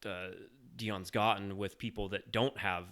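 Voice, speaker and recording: A man with a clear, smooth, somewhat low voice hosts a casual podcast chat. He rambles and hesitates, often restarting mid-sentence. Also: steady tone, a little slow, fairly bright tone. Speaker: podcast host.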